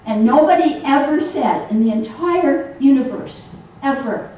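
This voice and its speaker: Slow-speaking woman preaching in an echoey hall. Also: high-pitched, distant mic, a little hiss or hum. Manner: animated, acts out quoted voices. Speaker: minister. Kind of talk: sermon. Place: church hall with audience.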